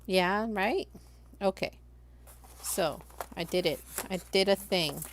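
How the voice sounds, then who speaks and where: A woman's voice: on the low side, slow, slight background noise. A young adult woman from Los Angeles, chatting casually on a live stream and talking viewers through each crafting step.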